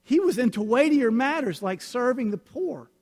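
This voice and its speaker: High-voiced preacher in a reverberant hall. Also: male voice, animated, moderate pace, a little mellow, slightly rough. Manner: earnest, conversational, addresses congregation directly. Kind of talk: sermon with scripture reading.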